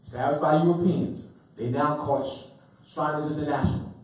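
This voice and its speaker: A man's voice: a little high, moderate pace, a little mellow. A man lecturing to a live audience, quizzing them call-and-response style and repeating key words with emphasis. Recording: very echoey room, mic far off.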